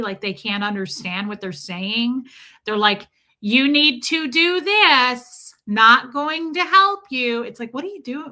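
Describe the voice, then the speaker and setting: Speaking with a bright, forceful, medium-pitched voice, a middle-aged woman hosts a laid-back livestream. She reads comments aloud, greets viewers by name and shares her opinions as she chats.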